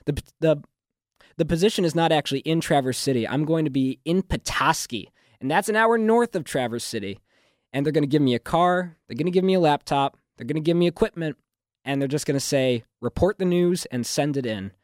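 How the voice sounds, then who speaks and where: A man's voice: on the high side, fairly quick, no room sound, studio quality. A young man, a graduating student, talking fluently in a radio interview with a newsreader-like delivery. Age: young adult. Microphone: studio microphone.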